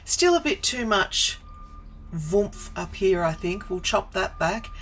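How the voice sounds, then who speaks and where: A woman's voice: medium pitch, expressive, slow, fairly bright tone, faint music behind, poor audio. A woman in her forties chatting casually on a live stream from her home office, greeting viewers by name and wandering into asides. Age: 40s.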